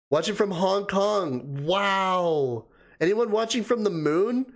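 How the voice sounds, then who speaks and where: A man's voice: sits high, lively intonation, slow. Chatty male streamer greeting his viewers. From Canada. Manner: chatty, laughs often, greets viewers one by one. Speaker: livestream host. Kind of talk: casual live chat reading viewer comments.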